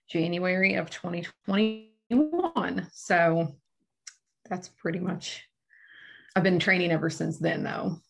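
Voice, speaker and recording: Bubbly woman with a low voice. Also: vocal fry, fairly bright tone. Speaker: professional wrestler guest. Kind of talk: casual interview chat.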